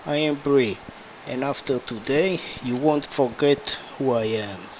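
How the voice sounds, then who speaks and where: A man's voice: medium pitch, a little slow, darkish tone, a little hiss or hum, pitched below the performer's own voice, lightly acted, rough recording. A man voicing a tough young woman who leads the party, blunt and direct. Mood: determined.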